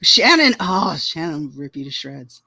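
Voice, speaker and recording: Earnest woman talking haltingly. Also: low voice, very animated, crowd noise. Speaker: podcast co-host. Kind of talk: casual chat.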